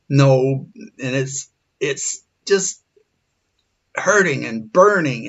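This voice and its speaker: A man's voice: medium pitch, fairly bright tone. A man in his forties, shaken and earnest, telling a personal story. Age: 40s. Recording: dull lo-fi recording.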